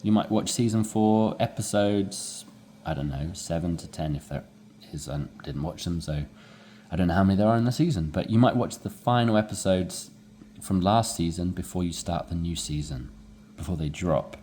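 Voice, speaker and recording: Man, English teacher, low warm voice, animated lesson delivery. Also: moderate pace, slight background noise. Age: adult with young children. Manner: animated, demonstrates rising inflection. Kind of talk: explaining a textbook dialogue.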